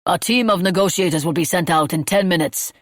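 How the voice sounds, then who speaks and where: A woman's voice: lowish voice, fairly quick, no echo, clean studio sound, natural voice. A woman voicing a stern male military officer who reads out a formal, commanding announcement in an audiobook.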